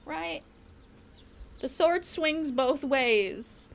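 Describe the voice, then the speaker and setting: A VTuber streamer rants in casual chat while playing a game, blunt and rambling, swearing often and laughing between lines. Her voice sits high, with vocal fry, and she speaks extremely slowly.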